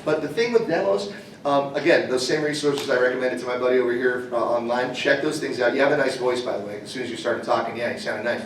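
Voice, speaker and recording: A man voice actor answering fan questions on a convention panel, an animated storyteller who cracks jokes. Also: mid-range voice, slight background noise. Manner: animated storyteller, quick jokes, slips into impressions. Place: convention hall. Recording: echoey hall, mic far off.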